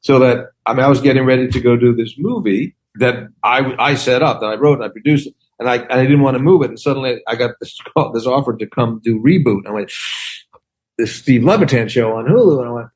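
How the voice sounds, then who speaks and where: A man's voice: fast, few pauses, a little hiss or hum. A man in his sixties, a comedian and actor, telling casual stories on a podcast and acting out the lines he quotes. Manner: animated storyteller who acts out quotes with big pitch jumps.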